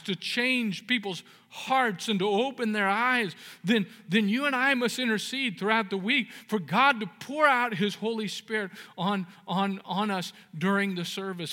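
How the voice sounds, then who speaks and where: A male pastor delivering an earnest sermon in a high, bright voice. He swings from folksy, joking stories to emphatic peaks of exhortation, and his words ring out with a long reverb across a church sanctuary from a stage microphone. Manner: folksy storytelling with jokes. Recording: reverberant hall.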